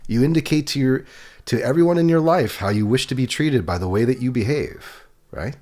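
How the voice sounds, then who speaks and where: A man's voice: medium pitch, brisk. A middle-aged man talking casually at home in a rambling, chatty vlog. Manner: relaxed, chatty, drifts between topics. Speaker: vlogger. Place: home, children heard nearby.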